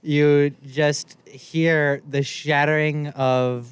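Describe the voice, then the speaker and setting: A man's voice: on the high side, flat delivery, very slow, smooth. A man running a tabletop game as game master, narrating in a playful, rambling way and laughing often.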